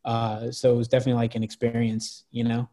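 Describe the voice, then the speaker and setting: A man's voice: mid-range voice, completely flat delivery, fast, mellow. Rambling young man telling stories. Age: 20s. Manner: rambling, many restarts and fillers, swearing. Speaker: guest. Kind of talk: casual storytelling chat.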